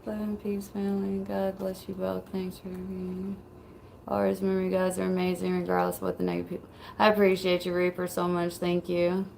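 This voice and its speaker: A woman's voice: on the low side, monotone, fairly quick, creaky, darkish tone, slight background noise, low-quality recording. A woman streamer in casual livestream chat, laid-back, swearing freely and laughing often as she reads messages.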